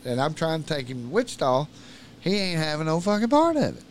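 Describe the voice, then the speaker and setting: A man's voice: a little high, big pitch swings, fairly quick, a little hiss or hum. A man telling a long, profane story in casual podcast talk. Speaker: podcast guest.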